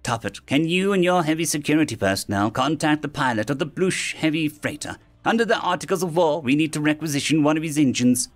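A man's voice: fairly high pitch, expressive, fairly quick, few pauses, voice pushed up, close to an everyday voice. A man voicing a small, stubborn alien dock engineer who talks in clipped, technical bursts. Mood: curt, urgent.

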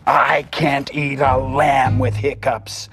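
A man voicing a gruff, hungry old male wolf with a low grumbling voice, over music. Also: level tone, takes it slowly. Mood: fretful.

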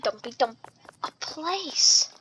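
High, bright, joking woman gamer. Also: lively intonation, slow, a little hiss or hum, low-quality recording. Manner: rambling, joking, repeats herself. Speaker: gaming channel host. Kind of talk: let's-play commentary.

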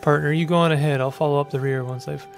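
A man reading game dialogue aloud as a suave, whiskered male creature thief who loves treasure, in a smooth, flattering, theatrical way. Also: fairly high pitch, fast talker, faint music behind. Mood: scheming.

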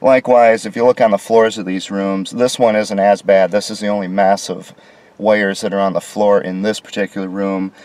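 American man, deep-ish voice, griping sarcastically while filming a hotel room. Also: level tone, moderate pace, a little mellow. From United States. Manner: sarcastic, indignant complaints. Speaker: vlogger reviewing a hotel room. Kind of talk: casual walkthrough narration.

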